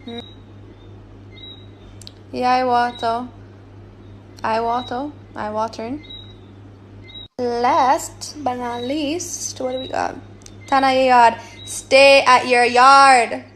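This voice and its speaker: A woman's voice: a little high, level tone, slow, pauses often, fairly bright tone, a little hiss or hum. A woman explaining patois words one by one.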